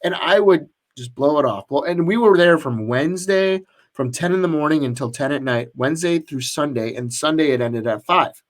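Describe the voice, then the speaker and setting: A man's voice: on the high side, animated, moderate pace. A man co-hosting a podcast, telling a long story in casual chat with lots of restarts and fillers. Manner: rambling, many restarts and fillers. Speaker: podcast co-host.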